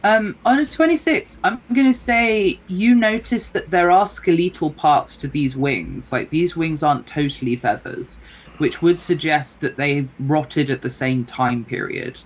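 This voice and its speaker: Low-voiced woman narrating as game master. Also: rough recording. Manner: measured, descriptive narration with thinking pauses.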